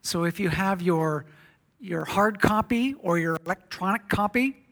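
A visiting missionary, a man with a high voice, preaches a sermon in a church at a measured pace. He tells a story and reads scripture in a soft-spoken way.

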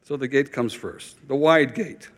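A man's voice: mid-range voice, unhurried, big-room sound. A man preaching a sermon as pastor, urgent and emphatic, repeating key phrases for weight.

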